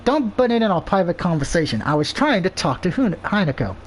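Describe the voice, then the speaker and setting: A bossy, scornful succubus girl with a higher-pitched voice hurls insults and demands, as a man reads her part. She talks down to everyone around her. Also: sing-song, a little fast, slight background noise. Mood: snippy.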